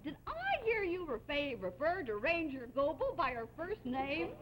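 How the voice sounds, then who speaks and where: Over a noisy television broadcast with a studio audience, a woman performs a comedy sketch as a stiff, militaristic leader of a pack of girl rangers. Her high voice is very animated and moves at normal speed, and as the comic actress she sounds stern and commanding.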